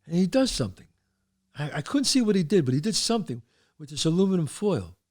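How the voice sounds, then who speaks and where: A man from the Bronx, hosting a show and telling stories, animated and acting out voices. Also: high voice, fast. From the Bronx, New York. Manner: animated, acts out voices, trails off mid-sentence. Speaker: host. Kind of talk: storytelling.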